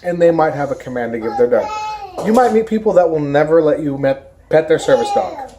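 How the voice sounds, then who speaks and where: A woman's voice: deep voice, brisk, background noise. A woman who handles a service dog, talking to camera in an informal, emphatic way and hammering home her main points. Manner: emphatic, repeats key points; lively mimicry of careless strangers. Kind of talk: informal educational talk to camera. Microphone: camera in front of her.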